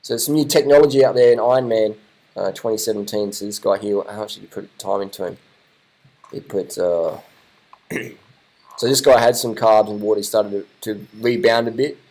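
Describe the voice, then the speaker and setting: A man giving casual, excited commentary over race footage, repeating his phrases and swearing now and then. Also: lowish voice, moderate pace.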